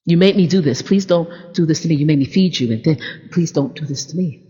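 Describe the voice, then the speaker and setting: A woman preacher voicing a pleading young woman, a king's daughter, with soft, repeated begging. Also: deep voice, fast talker, husky, voice pushed down. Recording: dull, echoey hall recording.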